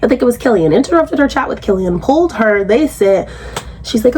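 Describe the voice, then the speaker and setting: A woman recapping a reality show in casual commentary, blunt and profane, jumping into high outraged pitch when incredulous. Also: lively intonation, a little fast, a little mellow, slight background noise.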